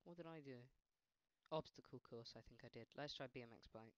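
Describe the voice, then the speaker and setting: A man's voice: medium pitch, brisk, no room sound, dull audio. A man with a faint Scottish accent doing jokey let's-play gaming commentary, yelping at the game. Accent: slight Scottish. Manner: excitable, yelps and laughs at the game, jokey asides.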